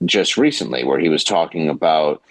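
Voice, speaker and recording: A man's voice: very deep voice, animated, a little fast, no room sound, low-quality recording. A man, a comedian guest on a podcast, talking casually in a rambling, self-interrupting way and laughing through his stories.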